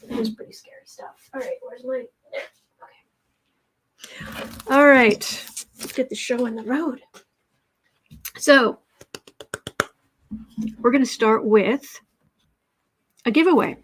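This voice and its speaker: A woman's voice: a little high, takes it slowly, long pauses, slight background noise. A woman from the United States hosting a casual tarot livestream from home, rambling and chatty, with asides to her cat, speaking into a fixed mic off to one side. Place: home room.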